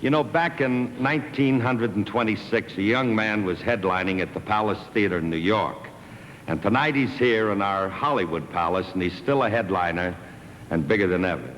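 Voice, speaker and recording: A man's voice: fairly low pitch, moderate pace, fairly bright tone, slight background noise. A male host giving a build-up introduction to a guest on a theater stage. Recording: reverberant 1960s TV theater.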